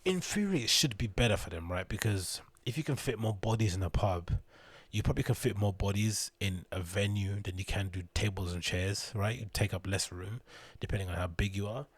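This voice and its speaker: A man's voice: lowish voice, fairly quick, hardly any pauses, breathy edge, dry recording. A young man hosting his own show, rambling casually about the news, swearing freely and joking as he goes. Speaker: podcast host.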